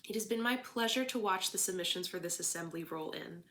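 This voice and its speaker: A woman with a Philadelphia accent, an English teacher, giving a formal, measured welcome to a school assembly and reciting a poem. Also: on the low side, fairly bright tone.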